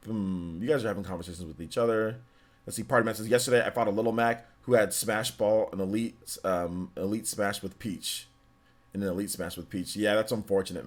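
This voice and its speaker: A man hosting a game livestream, chatting loosely with many restarts and reading out donations from chat. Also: fairly low pitch. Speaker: livestream host.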